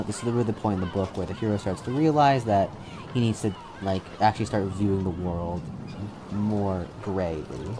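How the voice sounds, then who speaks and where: Low-voiced man narrating a tabletop game. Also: background noise. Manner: laid-back, with many fillers and restarts. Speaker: game master.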